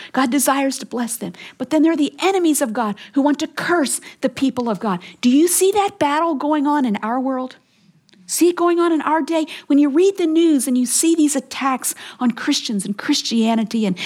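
A woman delivering a Bible teaching, emphatic and earnest, sometimes dropping to a hushed whisper for weight. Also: high-pitched.

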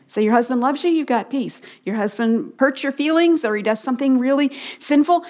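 Middle-aged female Bible teacher, slightly high voice, program style with slow call-and-response lines. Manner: slow call-and-response repetition of key phrases.

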